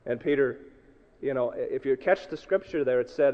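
A man preaching a sermon to a congregation, swinging from loud to hushed and acting out the people he quotes. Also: mid-range voice, moderate pace. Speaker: pastor. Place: church hall. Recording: dull, echoey hall recording.

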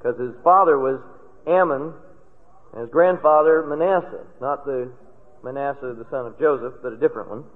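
A man's voice: medium pitch, moderate pace. An older man preaching a sermon, telling folksy personal stories and rising to emphatic stresses on key words. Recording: tinny lo-fi recording in a reverberant hall.

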